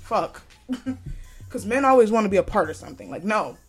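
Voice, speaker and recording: A woman's voice: medium pitch, very animated, moderate pace, husky, soft background music. A young woman hosting a casual solo podcast, talking bluntly with lots of swearing and frequent laughs. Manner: blunt and profane, laughs often. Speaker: podcast host.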